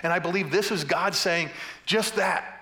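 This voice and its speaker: A man's voice: sits high, moderate pace, sharp tone. A man preaching a sermon as pastor, passionate and building to fervent emphasis, with playful humor between points.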